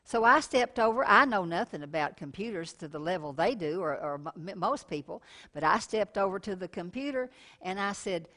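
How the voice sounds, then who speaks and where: A woman's voice: fairly high pitch, normal speed, gravelly, fairly bright tone. A middle-aged woman preaching a televised sermon in a folksy way, calling listeners honey and telling personal stories.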